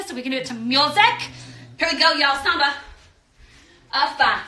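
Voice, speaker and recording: A woman's voice: high voice, expressive, normal speed, pauses often, pushed and bright, far from the mic. A woman teaching a dance class, upbeat, counting beats aloud and chanting the rhythm. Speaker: dance instructor. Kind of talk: live online dance class. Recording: echoey room, voice off-mic, faint noise.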